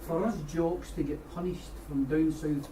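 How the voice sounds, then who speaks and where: A man's voice: fairly high pitch, steady tone, normal speed, warm tone. Blunt Scottish man in an echoey hall. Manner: blunt, colloquial, storytelling. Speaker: trade unionist audience member. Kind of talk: impassioned debate contribution. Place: meeting room at a union debate. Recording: echoey hall, distant mic, noisy.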